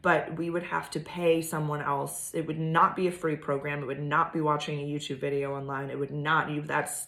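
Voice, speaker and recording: A woman vlogging about astrology in a casual, rambling way, full of fillers and swearing. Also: sits low. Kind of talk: casual monologue. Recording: echoey room.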